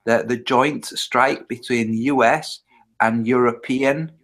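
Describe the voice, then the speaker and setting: Husky man calmly explaining. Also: medium pitch, slow. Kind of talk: casual chat on a video call.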